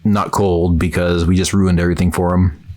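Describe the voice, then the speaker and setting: A man's voice: sits low, flat delivery, moderate pace, a little mellow. A man co-hosting a podcast in casual chat, joking and swearing casually, poking fun at himself. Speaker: podcast co-host.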